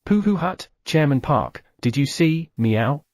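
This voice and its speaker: A man's voice: fairly high pitch, sing-song, takes it slowly, a little mellow, no echo, studio quality. A male narrator voicing a boastful male cat who tacks a meow onto his lines.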